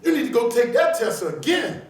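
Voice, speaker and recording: A man's voice: extremely high pitch, fairly quick. A man from New Orleans with a New Orleans accent, giving a motivational keynote speech and acting out the people in his stories. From New Orleans, USA. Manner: animated storyteller acting out characters. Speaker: motivational speaker. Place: large auditorium. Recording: echoey auditorium from far off.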